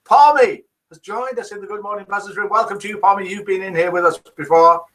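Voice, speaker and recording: A man's voice: sits high, a little fast, a bit bright. A man hosting a casual live stream, reading out viewers' comments and guesses aloud. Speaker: host of a live daily chat stream.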